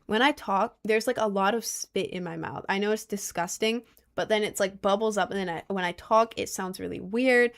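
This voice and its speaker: A woman's voice: medium pitch, normal speed. Young woman streamer rambling to chat, lots of likes and ums, kinda stumbly, slangy. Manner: rambling, heavy on fillers and repeats; animated, slangy and emphatic. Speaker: livestreamer reading chat.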